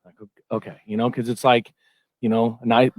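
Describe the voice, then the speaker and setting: A man co-hosting a podcast in an easy, rambling way. He talks at a mid pitch and leans on a lot of fillers. The sound is close and dry. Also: little pitch movement, fairly quick, no room sound. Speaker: podcast co-host. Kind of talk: casual podcast chat.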